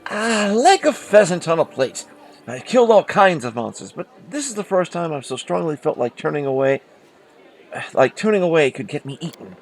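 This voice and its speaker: A man's voice: a little high, sing-song, moderate pace. A man voicing a friendly, blunt mercenary captain who has just become a baron, talking in a chummy, conspiratorial way.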